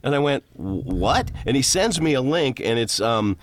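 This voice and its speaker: A middle-aged man, a voice actor, rambling through long show-business stories and breaking into quick voices. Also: medium pitch, dry recording. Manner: rambling, animated, jumps into character voices. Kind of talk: storytelling interview guest.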